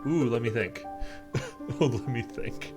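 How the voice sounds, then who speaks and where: A man voicing a pampered young noblewoman held in prison, speaking in a high, giggly voice over loud game music. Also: measured pace, lightly acted. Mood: chatty.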